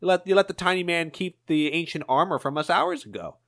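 A man voicing a nervous, stammering male henchman in a high, squeaky voice. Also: fairly quick, a bit bright.

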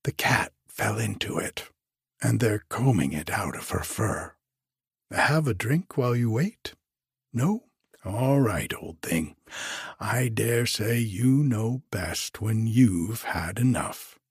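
A man's voice: lowish voice, animated, takes it slowly, creaky, husky, dry recording, studio quality, exaggerated voice. A man voicing a cheeky, chatty hotel porter who jokes and confides cheerfully, as a character voice in an audiobook. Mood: joking.

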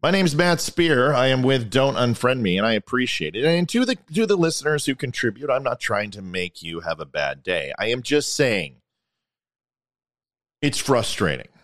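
A man's voice: mid-range voice, big pitch swings, normal speed, a bit bright. A man hosting his own show in a casual monologue. He rambles and gets sarcastic. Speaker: podcast host.

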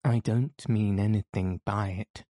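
A man plays a flustered young clerk, apologetic and hesitant, in a low, mellow voice. The storybook reading is unhurried and dry, recorded close. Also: steady tone, no room sound. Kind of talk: audiobook character voice.

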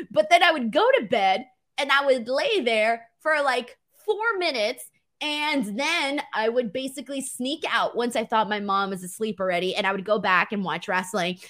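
A young adult woman from the US West Coast, a casual vlogger with a slightly high voice, tells lively stories in a Q&A format. She's playful and quick to laugh, animated throughout, and slips into playful impressions.

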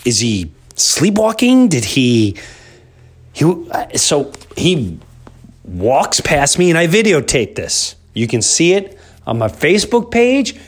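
A man in his fifties hosting a podcast, telling a rambling story in a casual monologue that jumps into loud disbelief. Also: fairly high pitch, big pitch swings, slow pace. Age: 50s. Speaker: podcast host.

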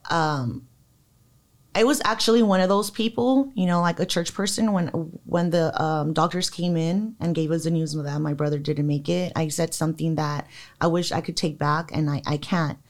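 A young adult woman, a podcast guest, telling an emotional personal story in a lively way with many fillers. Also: low-pitched. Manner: animated, quickens and slows, many fillers. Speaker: podcast guest, psychic medium.

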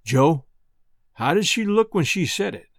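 A man's voice: extremely high pitch, very animated, brisk, husky, dry recording, clean studio sound, voice pushed up, exaggerated voice. A man doing a shaken young fisherman. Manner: thick, trembling voice.

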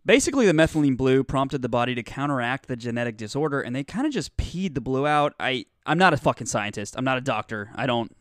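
A man's voice: mid-range voice, lively intonation, fast talker, hardly any pauses, dry recording, clean studio sound. A man co-hosting a casual comedy podcast, rambling and joking with lots of fillers and restarts. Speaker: podcast co-host.

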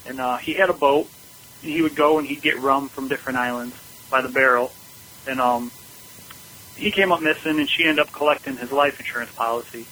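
A man from Ohio leaving a voicemail for a podcast, telling a story haltingly with many uhs and ums. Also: mid-range voice, fairly even intonation, pushed and bright, low-quality recording. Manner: halting, full of uh and um.

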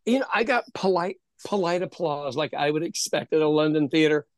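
A man from Oklahoma, a former stand-up comic, telling stories in a casual, animated chat with frequent swearing. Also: on the high side, no room sound, studio quality. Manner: animated storyteller, swearing, quick asides.

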